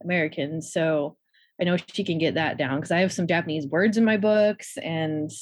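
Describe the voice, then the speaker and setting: A woman's voice: low voice, moderate pace. A woman novelist, a guest on an interview, talking casually and in a bubbly way, with frequent giggles and many fillers.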